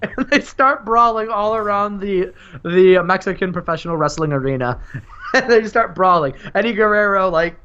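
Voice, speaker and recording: Bright-voiced man telling a wild story. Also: high-pitched, smooth. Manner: animated, laughing storytelling. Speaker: guest co-host. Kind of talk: casual narration of a wrestling sim game. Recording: lo-fi mic.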